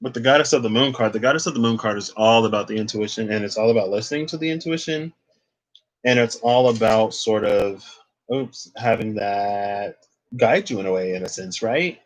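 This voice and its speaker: A man's voice: on the low side, brisk. A young man giving a casual, rambling tarot reading, thinking aloud and restarting his phrases often. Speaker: tarot reader.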